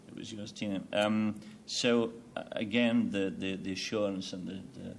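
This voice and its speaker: A man's voice: on the low side, steady tone, moderate pace, vocal fry, a little hiss or hum. A man on a TV panel game, dithering as he thinks aloud before choosing.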